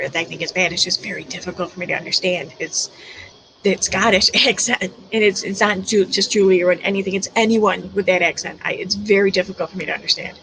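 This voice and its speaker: A woman's voice: medium pitch, creaky, fairly bright tone, slight background noise, poor audio. A woman hosting a livestream, chatting casually with callers and laughing often. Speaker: livestream host.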